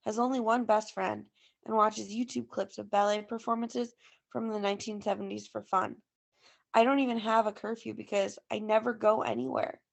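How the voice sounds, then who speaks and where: Teacher lady reading a book aloud for class, gravelly, steady pace. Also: medium pitch. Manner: steady storytelling. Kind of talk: first-person novel read-aloud.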